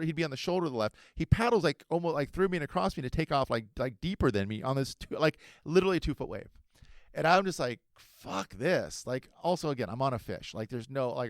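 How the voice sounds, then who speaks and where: A man in his forties from Southern California tells a story at a rapid clip, swearing freely. His pitch jumps around as he talks. The recording is dry and close. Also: no echo. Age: 40s. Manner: animated, profane, quick-talking. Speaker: podcast host. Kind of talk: casual storytelling.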